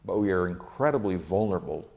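A man with a very low, deep voice leads a Bible study verse by verse. He reads the old scripture wording aloud, then stops to unpack the Hebrew grammar behind it in a scholarly, unhurried manner. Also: lively intonation, creaky, a little mellow. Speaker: Bible teacher.

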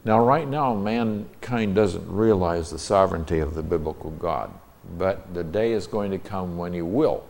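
A man teaching a Bible lesson, reading the verses aloud in a measured, deliberate way and then explaining them word by word. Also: deep voice, gravelly, darkish tone, slight background noise.

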